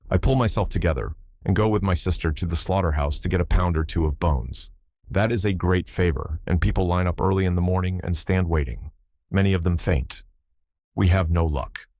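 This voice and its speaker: A man narrates a novel in the first person with a measured, somber reading. His voice sits very low, and the recording is dry and close. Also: darkish tone, no room sound. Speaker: audiobook narrator.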